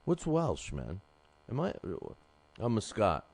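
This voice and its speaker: A man's voice: on the low side, huge pitch swings, slow pace, darkish tone. A man hosting a boxing show, rambling through results with many fillers, his throat sore from a cough drop. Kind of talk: casual live show chat.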